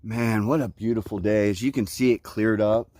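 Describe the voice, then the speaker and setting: A man's voice: on the low side, fairly even intonation, moderate pace, mellow, no room sound, studio quality. Laid-back surfer-talking man outdoors. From Central Florida. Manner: laid-back surfer talk, lots of "like, you know, man". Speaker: thru-hiker vlogger. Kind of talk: casual trail vlog. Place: outdoors on a mountain trail.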